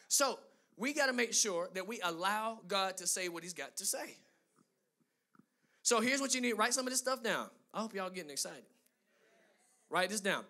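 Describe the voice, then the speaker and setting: A high-pitched man delivering a sermon in a bright, cutting tone. He builds emphatic runs of phrases, then turns to chatty asides aimed at his listeners. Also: moderate pace. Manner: emphatic preaching with rising, driving lists; conversational asides to the congregation. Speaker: pastor.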